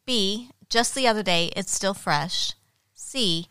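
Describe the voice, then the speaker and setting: Unhurried woman reading out quiz options. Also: medium pitch, pushed and bright, smooth, no echo. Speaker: podcast co-host reading the game questions. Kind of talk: casual banter.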